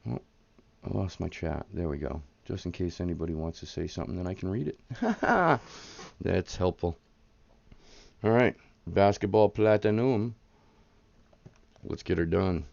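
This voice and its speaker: A man's voice: low-pitched, animated, measured pace, vocal fry, long pauses, a little mellow, lo-fi sound. A man in his thirties hosting a live card-breaking stream, chatting casually and hyping up the pulls. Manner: chatty, rambling, hypes up the pulls.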